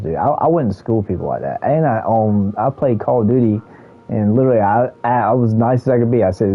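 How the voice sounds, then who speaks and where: A military veteran streaming a video game, rambling and thinking aloud with lots of fillers in casual let's-play commentary. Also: male voice, medium pitch, fairly quick, narrow, tinny audio.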